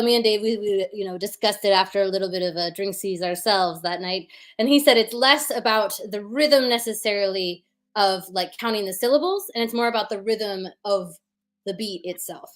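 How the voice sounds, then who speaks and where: A woman's voice: medium pitch, lively intonation, a little fast, a bit bright. A woman performing puns as a guest, chatting casually about how she writes them, with many fillers. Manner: chatty, many fillers, explains with rhythm sounds. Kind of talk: casual chat.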